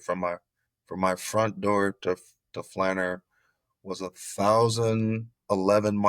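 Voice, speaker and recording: This middle-aged Floridian, once a football player, recounts his life in an interview using lively, repeated phrases. His pitch is fairly low and the recording is dry.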